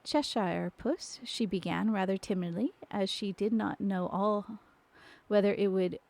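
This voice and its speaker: A woman reading a storybook aloud on a live stream, unhurried, with small slips and restarts. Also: mid-range voice, fairly even intonation, vocal fry, darkish tone. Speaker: storybook narrator.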